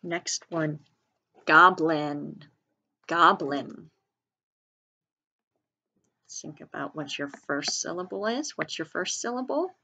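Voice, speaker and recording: A woman's voice: sits low, expressive, bright, forceful tone. A woman teacher leading a reading lesson for children, sounding out words syllable by syllable and spelling them letter by letter. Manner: slow, clear enunciation, sounding out syllables and letters.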